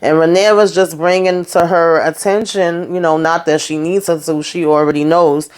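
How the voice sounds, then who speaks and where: A woman retelling a TV episode in a loose, chatty way, tossing in sassy asides. She speaks with a somewhat low voice, and her talk is full of fillers. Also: steady tone, normal speed, clear, resonant tone. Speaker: show recapper. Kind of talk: casual recap commentary.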